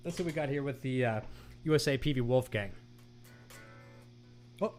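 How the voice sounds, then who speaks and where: A man's voice: mid-range voice, moderate pace. A man hosting a guitar gear show, chatting casually, telling corny jokes and reading viewer comments aloud on a live stream.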